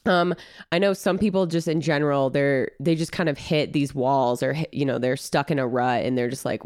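A woman co-hosts a casual fitness podcast, her voice a little nasal from a recent cold. She sounds smooth and clear in a dry, close recording, and gives easygoing coaching advice full of fillers. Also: a bass voice, normal speed, dry recording. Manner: relaxed, filler-heavy, coaching tone. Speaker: podcast co-host and trainer.

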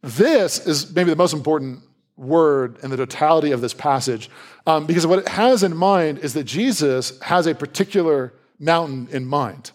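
A male pastor preaching a sermon in a conversational, animated way, with playful asides and quick jumps in pitch when he voices reactions.

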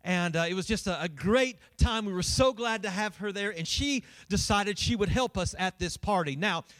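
Man, pastor, playful sermon storyteller, high voice, dry close sound. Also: moderate pace, a bit bright, dry recording. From Kentucky. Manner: storytelling, playful, calls out to the congregation.

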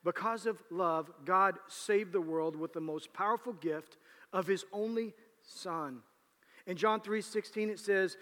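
A man leads his church as pastor, his voice sitting slightly high. He talks casually and jokes, then builds into emphatic preaching. The sound rings with the long echo of a large sanctuary. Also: unhurried, pushed and bright. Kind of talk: sermon with church announcements. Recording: reverberant church hall.

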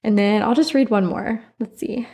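A woman's voice: mid-range voice, moderate pace, vocal fry, a little mellow. A woman from Florida with a Southern accent, hosting a solo podcast in a chatty, rambling way full of "like" and side notes. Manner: chatty, rambling, many "like" fillers and asides. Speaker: podcast host. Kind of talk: casual solo podcast chat.

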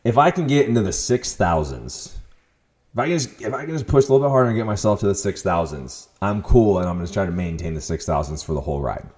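A young man hosting a podcast, telling a story in a casual, profane monologue with sudden loud outbursts. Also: deep voice, sing-song, fast talker. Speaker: podcast host.

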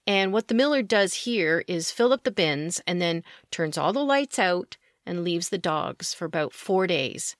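A woman's voice: lowish voice, a bit bright, dry recording, clean studio sound. A woman hosting her own podcast, delivering opinionated commentary with indignant, sarcastic asides and emphatic outbursts. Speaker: podcast host.

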